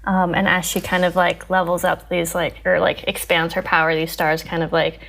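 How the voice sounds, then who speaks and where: A woman's voice: fairly low pitch, little pitch movement, normal speed, vocal fry, a bit bright. A woman playing a tabletop game, talking hesitantly with many fillers. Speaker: player. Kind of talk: casual tabletop game play.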